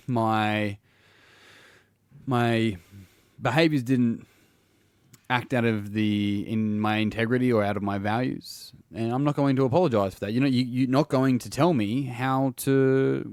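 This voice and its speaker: A man talks through his ideas on his own podcast in an everyday middle-range voice, and the recording is close and dry. He is blunt and swears freely, often stopping to restart a sentence. He sounds like a coach thinking out loud rather than reading a script. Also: medium pitch, no echo. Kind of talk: casual solo podcast monologue.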